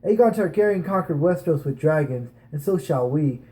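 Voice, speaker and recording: A man's voice: fairly high pitch, expressive, brisk, mellow, lightly acted, rough recording. A man reading as a boastful pirate king. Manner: grand, sweeping proclamation. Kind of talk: amateur audiobook reading.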